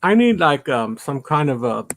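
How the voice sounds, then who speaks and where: A man's voice: medium pitch, big pitch swings, normal speed, fairly bright tone. A middle-aged man hosting his own channel from a home basement, chatting casually to the camera in a rambling, self-deprecating way and muttering to himself. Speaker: YouTube channel host.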